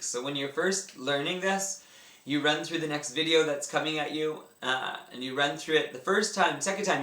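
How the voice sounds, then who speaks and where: Bright-voiced man teaching yoga breathwork. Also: a little high. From Canada. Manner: casual, enthusiastic, talks through each movement. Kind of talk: instructional talk. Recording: echoey room, mic at a distance.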